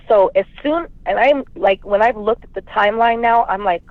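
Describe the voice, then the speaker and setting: A woman's voice: mid-range voice, normal speed, no echo. Caller, woman, rambling and emotional, heard over a thin dry phone line. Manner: rambling, quotes both sides of arguments. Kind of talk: emotional call-in confession.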